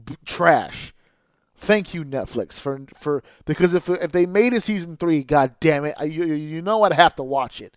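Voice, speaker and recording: A man hosting a podcast, ranting with exasperation and heavy swearing, now and then mimicking others in a flat, deflated tone. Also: on the high side, normal speed, dry recording, studio quality. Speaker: podcast host. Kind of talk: profane ranting podcast monologue.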